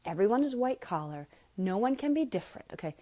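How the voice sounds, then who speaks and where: A middle-aged woman hosting a live parenting question-and-answer chat, talking in a blunt, frank and emphatic way and reading out viewer comments. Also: fast talker. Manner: animated, with sudden jumps up in pitch. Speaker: parenting coach host.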